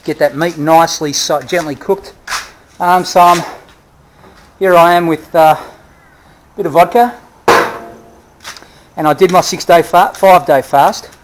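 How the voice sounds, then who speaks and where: A man's voice: fairly high pitch, slight background noise, rough recording. A man vlogging on the road, talking casually in a rambling way and repeating and restarting his phrases. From Australia. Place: on the road near his van, outdoors.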